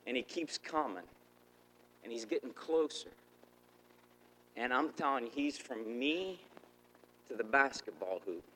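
A man preaching in a church, telling a personal story with animated, repetitive re-enactments of his own thoughts. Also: medium pitch, a little slow, pauses often, long reverb tail, slight background noise, low-quality recording. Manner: animated, acts out his own inner thoughts, repeats words. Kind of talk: sermon storytelling.

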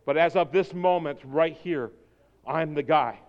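A man preaching a sermon as pastor, swinging from quiet, intense passages to shouted exhortation. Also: a little high, a little slow, muffled recording. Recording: long hall reverb.

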